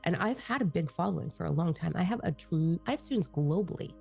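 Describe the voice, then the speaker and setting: A woman's voice: lowish voice, expressive, quick pace, creaky, mellow, slightly rough, highs cut off, soft background music. A middle-aged woman, a spiritual teacher and channeler, talking in a blunt, profane, fired-up monologue.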